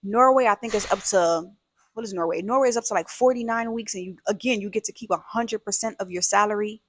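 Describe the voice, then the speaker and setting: A woman's voice: medium pitch, fast, dry recording. Woman host of a casual vlog, talks emphatic and loose, dry close sound. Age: adult, a mother. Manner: conversational, emphatic, slangy. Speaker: video host.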